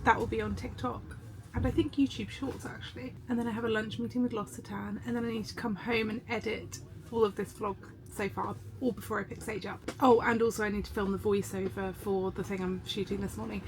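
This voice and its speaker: A woman, chatting casually to camera in an upbeat vlog, her voice hoarse from coughing. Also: medium pitch, steady tone, a little fast, low-quality recording. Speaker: vlogger. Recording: loud background noise.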